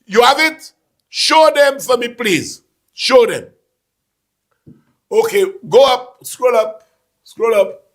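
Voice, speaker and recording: A man hosting a casual talk show, animated and laughing, repeating phrases for emphasis. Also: extremely high pitch, slow pace, pauses often. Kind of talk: casual call-in political chat.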